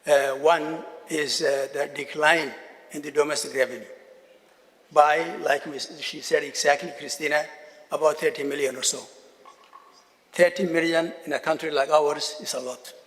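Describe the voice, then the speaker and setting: A man, a government minister, giving a formal conference speech, measured and repeating key phrases for emphasis. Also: fairly high pitch, steady tone, a bit bright. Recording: long reverb of a large hall.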